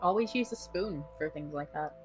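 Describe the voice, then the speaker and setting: A lower-voiced woman chatting casually with friends over a game stream, rambling and restarting as she explains. Music plays clearly behind her. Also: normal speed. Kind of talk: casual chat.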